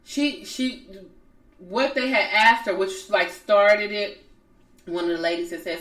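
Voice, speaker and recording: A woman co-hosts a podcast, casually retelling reality TV drama and acting out the people she quotes as an animated storyteller. Her voice sits at a medium pitch and moves at a moderate pace. The recording sounds roomy, with her distant from the mic.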